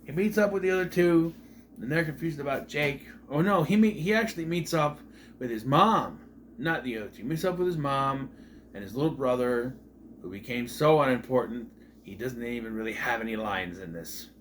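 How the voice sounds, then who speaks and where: A man's voice: medium pitch, expressive, moderate pace, slight background noise. A young man giving a casual, rambling spoken review of a TV episode, exasperated, swearing now and then and often restarting his sentences.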